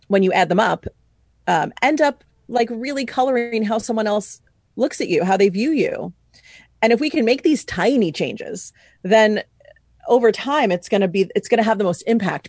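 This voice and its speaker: A woman from New York City, a podcast host and wedding planner, talking in a casual, animated way and acting out quoted emails. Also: mid-range voice, no room sound. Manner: animated, acts out quoted speech. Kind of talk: casual business chat.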